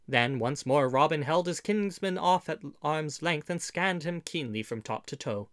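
A man reading a classic adventure story aloud as an audiobook narrator, in steady, expressive storytelling. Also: fairly high pitch, moderate pace, dry recording, studio quality. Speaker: audiobook reader. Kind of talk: scripted narration.

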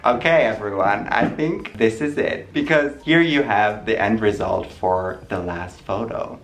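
A young man hosting a casual home vlog, playful and giggly, breaking into high squeals now and then. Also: measured pace, a bit bright, faint music behind. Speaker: vlogger host. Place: home room.

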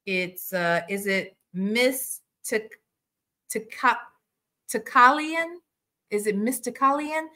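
A woman's voice: fairly high pitch, takes it slowly. A woman hosting a casual reaction livestream, outspoken and swearing freely as she talks to her viewers. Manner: outspoken, profane, animated. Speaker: livestream host.

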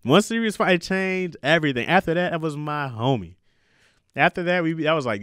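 A man's voice: on the high side, lively intonation, brisk, fairly bright tone, clean tone, no room sound, clean studio sound. A man, a new father and comedian, talking casually and animatedly, swearing and laughing often. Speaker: new father giving advice. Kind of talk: casual monologue.

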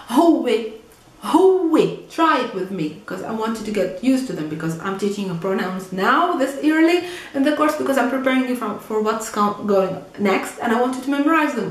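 A woman's voice: on the high side, reverberant. A woman with a Palestinian Arabic accent gives a casual language lesson, chatting and often checking in with "okay?" and "mm?". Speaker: Arabic teacher.

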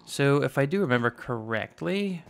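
Raspy, chatty young man gaming. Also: mid-range voice, expressive, moderate pace, slight background noise. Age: 20s. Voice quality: slightly raspy. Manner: rambling, self-teasing, narrates each step aloud. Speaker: gaming YouTuber. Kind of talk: casual Minecraft let's play commentary.

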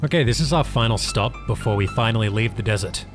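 A man hosting a gaming channel, giving excitable let's play commentary and laughing often. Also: lowish voice, fast, over music. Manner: excitable, laughs often, yells when things go wrong.

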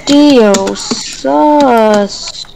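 Woman, high voice, urgent gaming callouts, light background noise. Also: drawn-out words, vocal fry, dark tone. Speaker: gamer playing with friends. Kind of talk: casual gaming chatter.

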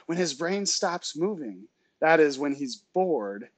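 A male teacher reading a novel aloud to his students, with relaxed, chatty asides between passages. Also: a little high, slow, no room sound.

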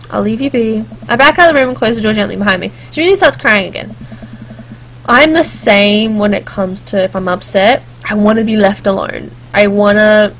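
A woman with a slightly high voice reads a story game aloud, taking the lines of the characters in turn. She keeps breaking off into chatty, joking commentary and snatches of song. A faint hiss sits under her voice. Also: a bit bright. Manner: chatty, jokey asides, sings snatches. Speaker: let's play gamer. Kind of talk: reading game text aloud with casual commentary.

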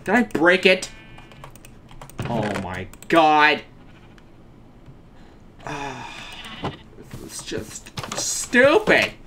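Man, let's play host, swears a lot, swinging pitch, slow delivery, loud keyboard clicks behind. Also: a little hiss or hum. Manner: profane, excitable, talks to himself. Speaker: gaming channel host.

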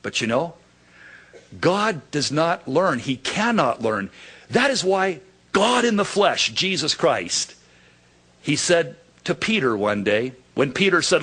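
A man pastor preaching a sermon, acting out dialogue in quotes with animated delivery. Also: a little high, slow, slightly rough.

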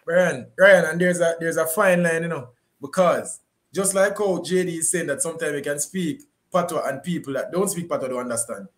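A man's voice: on the high side, normal speed. A Jamaican man on a discussion panel, speaking with passion and repeating his points.

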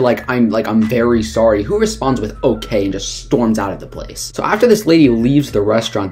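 A man tells a story to his viewers in a loose, chatty vlog style, tripping over his words and restarting sentences. Faint music plays softly behind him. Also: on the low side. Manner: chatty, stumbles and repeats words. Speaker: vlogger. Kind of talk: casual storytelling to camera.

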